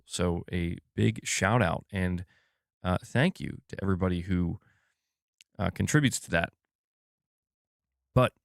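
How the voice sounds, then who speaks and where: A man with a lowish voice hosts a live gaming stream, ranting in a loose, candid way and swearing freely. He speaks close to a desk microphone in a dry room with no echo. The delivery is casual and frank. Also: vocal fry. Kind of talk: casual livestream talk.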